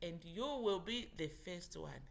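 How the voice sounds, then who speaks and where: A woman's voice: on the low side, animated, a little slow, gravelly. A woman teaching an online phonics lesson to children, patient and encouraging, spelling words out letter by letter. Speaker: English teacher.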